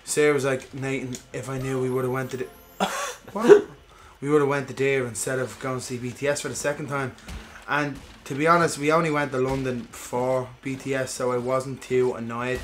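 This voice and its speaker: A man's voice: mid-range voice, little pitch movement, fairly quick, hardly any pauses, a bit bright, a little hiss or hum. A man chatting casually while playing a game, telling a story with lots of swearing and acted-out quotes. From Ireland. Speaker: gaming podcast co-host.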